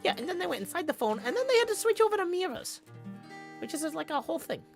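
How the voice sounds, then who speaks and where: A woman's voice: extremely high pitch, sing-song, fast, gravelly, soft background music. A woman hosting a casual livestream chat, joking and reading out viewer tips. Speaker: stream host.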